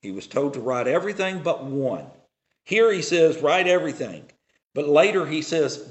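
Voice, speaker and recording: A man preaching a sermon, reading scripture aloud and explaining it with deliberate pauses. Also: on the high side. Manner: slow, deliberate preaching with dramatic pauses and swings in loudness; reads scripture aloud in a raised, declaiming voice.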